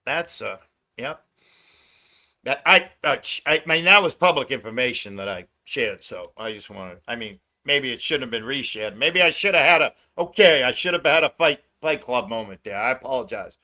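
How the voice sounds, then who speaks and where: A man's voice: medium pitch, expressive, normal speed, pushed and bright. A man hosting a casual livestream, ranting with lots of swearing and frequent laughter. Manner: profane ranting, laughs often. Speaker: livestream host.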